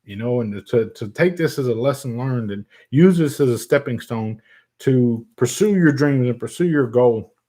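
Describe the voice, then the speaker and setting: On a casual livestream where he reads viewer comments, a vape channel host talks in a medium-pitched, slightly mellow voice. His manner is profane and jokey, with frequent laughter.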